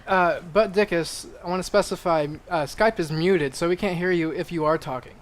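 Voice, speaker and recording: A woman's voice: on the low side, moderate pace. A woman co-host in casual chat, dry and teasing as she puts questions to guests.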